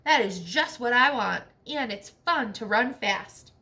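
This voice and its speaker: A woman's voice: fairly high pitch, a little slow, exaggerated voice. A woman voicing an eager, nosy storybook armadillo. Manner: excited, eager. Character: nosy male armadillo who tells tales.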